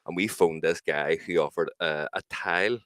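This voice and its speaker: A man's voice: sits low, moderate pace, fairly bright tone, no echo, clean studio sound. A man, chatting casually as co-host about making music and telling prank call stories, swearing freely. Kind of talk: casual chat.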